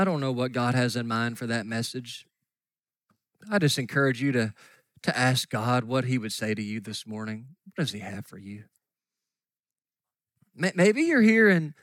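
A middle-aged man preaching a sermon, telling a story earnestly and dropping at times to soft near-whispers. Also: medium pitch, no echo. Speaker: pastor.

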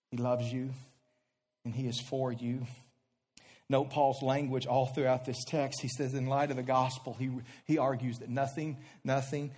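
A man, a pastor, preaching a sermon with impassioned delivery that moves from hushed, low tones to loud, raised passages built on repeated phrases. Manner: repeats phrases in building rhetorical runs.

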